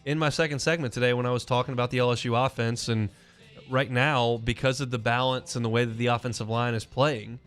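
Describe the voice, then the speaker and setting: A male sports radio host talks through his takes in a loose, conversational way, often restarting his sentences. His voice is smooth and resonant at a middle pitch. A faint music bed plays behind him in the studio. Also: fairly even intonation, quick pace, fairly bright tone. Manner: conversational, opinionated, many restarts. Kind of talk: casual sports talk. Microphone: studio mic.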